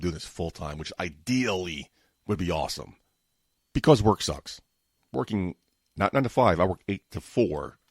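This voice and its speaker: Fast-talking New York man, low voice. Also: no echo, studio quality. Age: 40s. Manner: fast-talking, tends to mumble and trip over words; exasperated ranting. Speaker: podcast host. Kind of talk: casual solo podcast chat. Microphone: home podcast microphone setup.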